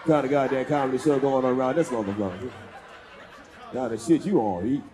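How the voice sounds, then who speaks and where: A man doing crude, loud stand-up comedy and teasing the audience in a live comedy club. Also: mid-range voice, expressive, a little fast, a crowd in the background. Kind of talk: stand-up with crowd work.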